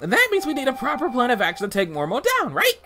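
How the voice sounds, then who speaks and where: Guy doing a high squeaky smartmouth beetle buddy, bouncy, pleased with himself. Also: wildly swooping pitch, quick pace, sharp tone, heavily acted. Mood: breezy. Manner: wisecracking, breezy, self-satisfied. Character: cheeky chatty floating dung beetle guide. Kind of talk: video game voice acting.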